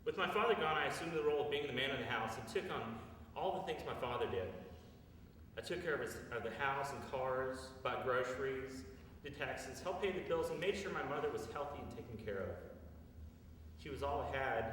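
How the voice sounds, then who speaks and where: A man's voice: medium pitch, a little fast, fairly bright tone, a little hiss or hum. A man in his thirties telling a personal story in an earnest, confessional way at a live storytelling show. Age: 30s. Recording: echoey live hall from far off.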